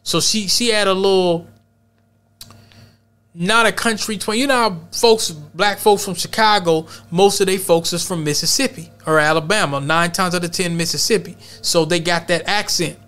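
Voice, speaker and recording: A man's voice: high-pitched, moderate pace, fairly bright tone. A man hosting a podcast, telling a workplace story in loose, rambling street slang. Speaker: podcast host. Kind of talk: casual commentary and storytelling.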